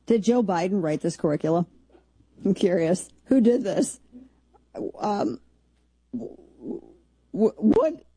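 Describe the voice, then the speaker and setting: A woman hosts talk radio with mellow, darkish tone and a slightly husky edge. She riffs in an incredulous, rambling, jokey way, and the sound is dry and close. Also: medium pitch, lively intonation, slow, long pauses, no echo. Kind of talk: opinionated talk radio commentary.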